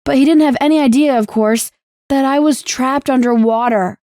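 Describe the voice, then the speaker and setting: A young woman narrating a first-person animated story in a scripted, emotive storytelling delivery. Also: high voice, moderate pace, no room sound, studio quality.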